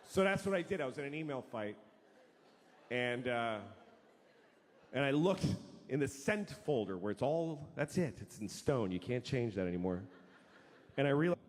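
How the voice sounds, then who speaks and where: A man's voice: medium pitch, lively intonation, normal speed, pauses often. A man doing a stand-up comedy set, swearing freely and acting out the voices of the people in his stories. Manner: profane, acts out quoted voices. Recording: long hall reverb, faint noise.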